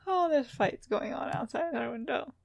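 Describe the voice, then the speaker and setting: A young woman co-hosting a casual chat, relaxed and heavy on fillers, laughing along. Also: high-pitched, normal speed, creaky.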